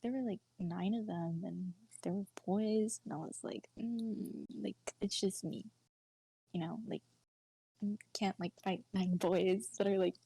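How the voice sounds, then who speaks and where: A woman's voice: medium pitch, steady tone, normal speed, dark tone, a little hiss or hum, low-quality recording. A young woman co-hosting a podcast, telling a personal story in a chatty, filler-heavy way and often sinking to a near-whisper. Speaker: podcast co-host.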